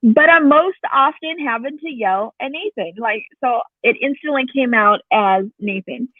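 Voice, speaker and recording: Mulher animada em linha telefônica metálica. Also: female voice, a little high, normal speed, no room sound. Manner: animated storyteller, laughs often, acts out quotes. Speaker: participant in a support group call. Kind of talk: casual chat. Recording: tinny phone line, dry.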